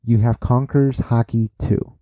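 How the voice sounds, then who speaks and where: A man reading the lines of a brutal, menacing male pirate emperor in his own dark voice, slow and low. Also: fairly even intonation, close to an everyday voice.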